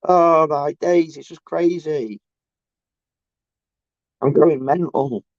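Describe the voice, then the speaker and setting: A man, ranting on a casual livestream, halting and restarting often and mocking others in sarcastic bursts. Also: a little high, no echo. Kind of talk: rambling casual livestream rant. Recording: dull lo-fi dry sound.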